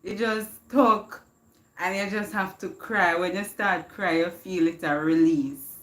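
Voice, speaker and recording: A woman's voice: lowish voice, unhurried, a bit bright, reverberant. A woman hosting a livestream, chatting reflectively, slipping into patois and laughing often. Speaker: livestream host. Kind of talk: casual inspirational chat.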